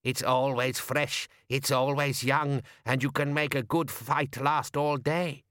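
A man's voice: mid-range voice, steady tone, slow, fairly bright tone, no echo, clean studio sound, pitched above the performer's own voice. A man doing a cackling toothless old crone. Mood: knowing, teasing. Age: older. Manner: cackling, knowing.

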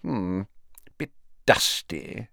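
A man's voice: lowish voice, lively intonation, extremely slow, creaky, pushed and bright, no echo, clean studio sound, heavily acted. A man voicing a stout, vain old male wizard in an audiobook, puffing and blustery, drawing out his words. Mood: chatty.

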